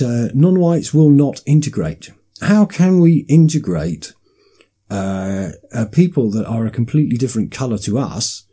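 A man's voice: medium pitch, warm tone, breathy edge. A man delivering an emphatic, insistent monologue with frequent restarts. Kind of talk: political monologue.

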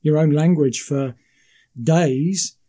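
A man with a slightly raised pitch and a deeply mellow, dark tone speaks in a relaxed conversation. He explains his views in a measured way, often doubling words before pressing on. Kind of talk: casual conversation.

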